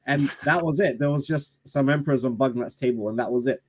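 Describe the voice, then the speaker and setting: A man's voice: medium pitch, fairly quick, darkish tone, slight background noise. A man co-hosting a casual live stream chat, telling anecdotes and laughing often.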